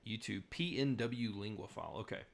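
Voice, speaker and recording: Gravelly-voiced man chatting casually. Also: on the low side, fairly quick. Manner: rambling, many fillers and restarts, searching for names. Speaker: channel host answering viewer questions. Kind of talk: casual livestream Q&A chat.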